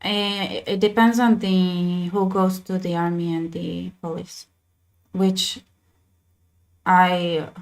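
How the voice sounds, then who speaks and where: A woman with an Israeli accent, a native Hebrew speaker, hosting a casual livestream chat and talking in quick bursts with many restarts. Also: on the low side, flat delivery, creaky. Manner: chatty, many restarts and fillers. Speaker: channel host.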